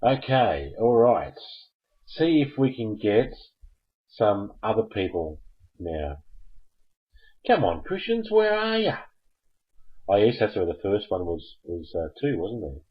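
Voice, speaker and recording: A man's voice: fairly low pitch, lively intonation, a little slow, breathy edge, dull audio. An Australian man hosting a live call-in show, joking and rambling and laughing at his own jokes. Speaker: host.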